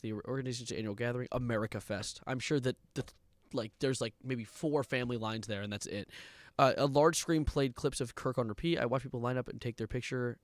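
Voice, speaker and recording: A young man streaming live and reacting to online content, ranting sarcastically, swearing and breaking into loud outbursts. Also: medium pitch, no room sound. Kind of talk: livestream reaction commentary.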